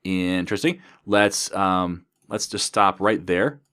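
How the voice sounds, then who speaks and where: A programming instructor's low-pitched, slightly bright voice keeps a fairly even intonation and a slow pace. He teaches coding methodically, explaining every step as he types.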